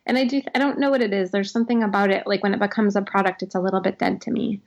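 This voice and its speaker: Speaking rapid-fire in a steady, creaky, slightly mellow mid-range voice, a woman in her thirties is interviewed as an author, with the highs cut off in the recording. She reflects with heavy use of "like," frequent restarts, and lots of laughter.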